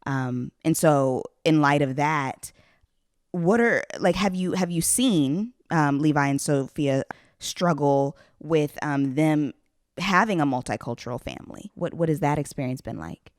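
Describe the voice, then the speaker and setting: A podcast host asking measured, thoughtful questions in an interview. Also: mid-range voice, no echo, clean studio sound.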